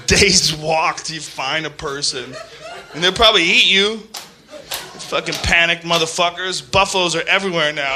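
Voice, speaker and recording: High voiced guy doing standup, swearing a lot, yelling then mumbling, noisy background. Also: normal speed. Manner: profane, ranting, shifts between shouting and muttering. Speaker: stand-up comedian. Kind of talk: stand-up comedy set.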